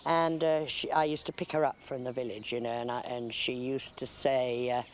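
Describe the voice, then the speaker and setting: A woman's voice: rumbling low, fairly even intonation, normal speed, a little hiss or hum. An older woman telling family stories in a documentary interview, chatty and dryly humorous. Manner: chatty, anecdotal, dry humour. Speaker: mother of a farmer.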